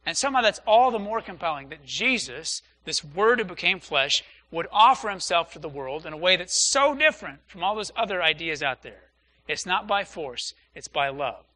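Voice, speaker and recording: A man's voice: high-pitched, animated, moderate pace, bright, forceful tone. A man, a pastor, preaching an earnest Sunday sermon and repeating phrases for emphasis. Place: church.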